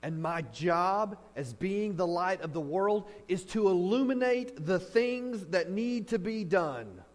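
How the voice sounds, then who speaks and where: A man delivers a sermon in a high voice that carries through a large, reverberant hall. He tells stories with animation and acts out reactions, and a faint mains hum sits under the recording. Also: slow pace. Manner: animated storytelling, acting out reactions. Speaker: pastor. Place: church hall.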